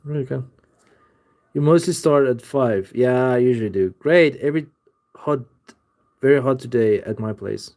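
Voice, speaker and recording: Mellow-sounding guy in his 40s on a drawing stream, saying hi to chat, kinda trips over words, regular pitch. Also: moderate pace, pauses often. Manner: chatty, stumbles over words. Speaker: live streamer drawing sketches. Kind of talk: casual live-stream chat greeting viewers.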